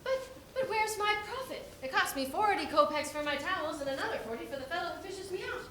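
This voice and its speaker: A woman's voice: very high voice, animated, fast, fairly bright tone. A woman playing a scheming male con man who stages fake drownings, haggling and theatrical. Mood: indignant. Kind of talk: amateur stage acting. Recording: echoey hall, from far off, noisy.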